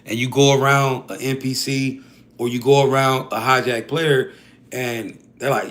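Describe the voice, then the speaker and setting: A man's voice: mid-range voice, fairly even intonation, moderate pace, a bit bright. A man hosting a livestream, talking casually and profanely to his chat in heavy slang. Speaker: livestream host.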